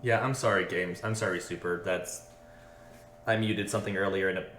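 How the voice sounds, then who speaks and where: A man narrating as game master for an online tabletop game, his voice sitting fairly low. He talks in a loose, casual way, full of fillers and quick apologies. The sound carries a noticeable roomy echo. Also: steady tone, a bit bright, a little hiss or hum.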